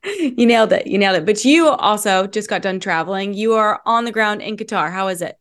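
A woman's voice: mid-range voice, brisk. A woman with an American accent hosting a casual motorsport podcast, upbeat and steering the talk with questions. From United States. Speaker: host.

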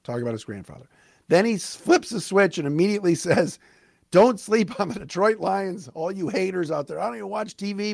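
A man hosting a solo sports talk podcast, recapping a game with emphatic, fan-like commentary and quick asides. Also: fairly high pitch, darkish tone, no echo, studio quality.

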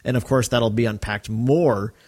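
A man co-hosting a podcast in casual chat, talking animatedly and breaking into quick quoted lines. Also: medium pitch, fairly even intonation, darkish tone. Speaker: podcast co-host.

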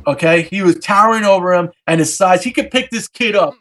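High-voiced man telling a wild story. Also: brisk. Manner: animated, swears freely, acts out every character. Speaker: podcast host. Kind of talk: casual storytelling.

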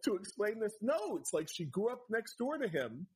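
A man co-hosting a podcast, telling animated stories in casual chat, with fillers and restarts. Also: sits high, normal speed, slight background noise, rough recording. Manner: animated storytelling, with frequent fillers and restarts into voices. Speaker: podcast co-host.

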